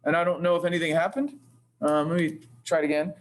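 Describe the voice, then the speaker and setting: A man with a somewhat high voice gives a screen-recorded tutorial in a classroom. He thinks aloud, hesitates often and corrects himself mid-sentence. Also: fairly even intonation, fast talker. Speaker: engineering teacher. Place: classroom with projector. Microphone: computer mic while demonstrating.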